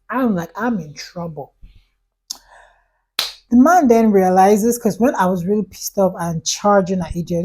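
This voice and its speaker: A young woman with a slightly husky voice tells a storytime for her vlog. She talks in an animated, exasperated way, acts out the lines of the people in her story, and fills her speech with "like". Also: mid-range voice, poor audio. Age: young adult. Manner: animated, exasperated storytelling with quoted dialogue and frequent "like". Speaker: vlogger.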